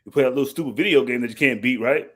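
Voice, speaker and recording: A man's voice: mid-range voice, very fast, breathy edge. A man co-hosting a podcast, teasing and joking and acting out quotes in casual banter. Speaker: podcast co-host.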